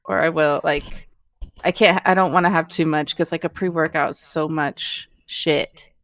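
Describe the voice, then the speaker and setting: A woman's voice: low voice, fairly even intonation, normal speed, fairly bright tone, dry recording. A woman guest chatting casually, talking loosely with many fillers. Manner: chatty, filler-heavy with frequent "like". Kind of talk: casual chat.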